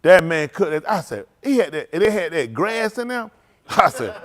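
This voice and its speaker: Excitable pastor, slightly high voice, casual storyteller. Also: male voice, moderate pace. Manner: animated, laughing, excitable.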